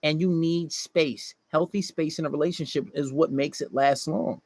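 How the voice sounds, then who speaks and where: A man's voice: fairly high pitch, fairly even intonation, normal speed, darkish tone, dry recording. A man delivering a blunt, profane dating-advice monologue to male listeners, often mocking the people he quotes.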